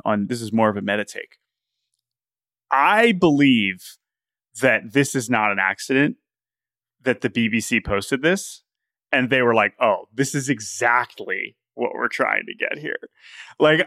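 A man's voice: medium pitch, fairly bright tone, dry recording, studio quality. Rambling, enthusiastic male podcast host. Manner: enthusiastic, rambling with many restarts. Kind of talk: casual podcast chat.

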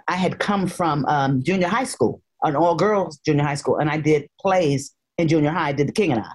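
Animated storytelling actress, low voice. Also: female voice. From North Carolina, raised in Harlem, New York. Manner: animated, playful storyteller who puts on voices. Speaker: actress guest. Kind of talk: casual interview storytelling.

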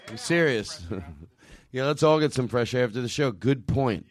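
A man's voice: mid-range voice, moderate pace. A man hosting a live comedy show on a club stage, loose, profane and often laughing. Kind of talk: live stand-up banter on stage.

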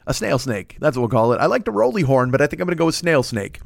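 A man's voice: a little high, very animated, fast talker, gravelly, no room sound. A man in his forties hosting a solo podcast, rambling, swearing freely and poking fun at himself while he records alone. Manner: rambling, profane, self-mocking. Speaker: podcast host. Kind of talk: casual solo podcast chat. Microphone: studio microphone.

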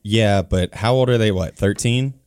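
A man co-hosting a podcast in casual banter, jokey and quick to riff. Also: fairly low pitch, a little mellow, no echo, clean studio sound. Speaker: podcast co-host.

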